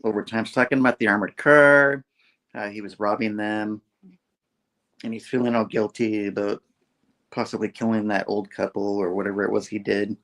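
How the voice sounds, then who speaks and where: A man's voice: lowish voice, normal speed. A man hosting a casual comic book review, retelling the story with lots of fillers and putting on voices for the characters. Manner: animated retelling, acting out dialogue, many fillers. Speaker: host.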